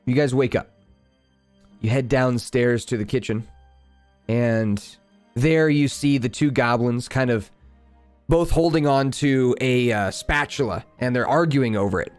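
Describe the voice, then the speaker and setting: A man in a relaxed, chatty manner, narrating a tabletop game as game master. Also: mid-range voice, measured pace, soft background music. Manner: relaxed, chatty, laughs easily.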